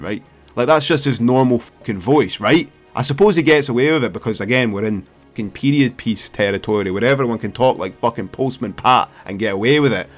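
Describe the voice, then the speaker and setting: A Scottish man giving opinionated, sweary, sardonic film commentary as the host. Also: mid-range voice. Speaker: film reviewer.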